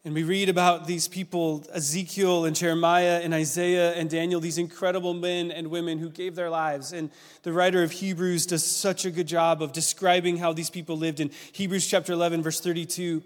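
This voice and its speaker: Fairly high-voiced male preacher in a reverberant hall. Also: fairly quick. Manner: animated storytelling preaching with rising excitement. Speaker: pastor. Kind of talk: sermon. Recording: long reverb of a church hall.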